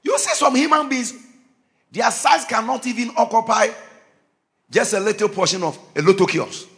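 A man preaching a Christmas sermon to a church, fervent and swinging from quiet lines into sudden shouts. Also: high voice, normal speed. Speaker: pastor.

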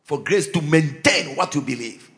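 Male pastor preaching, high voice that jumps all over, gets loud and shouty a lot. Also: expressive, moderate pace. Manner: fervent preaching with sudden shouts. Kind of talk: Christmas sermon. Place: church.

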